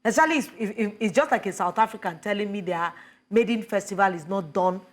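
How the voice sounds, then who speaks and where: Woman panelist, middle pitch, earnest and methodical. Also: brisk. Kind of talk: panel discussion.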